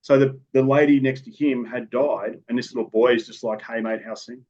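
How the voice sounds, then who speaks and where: An Australian police officer recounts stories from the job during a podcast interview, rambling matter-of-factly and restarting sentences. His medium-pitched voice has a darkish tone, fairly even intonation, and a slightly fast pace, captured on a dull lo-fi recording.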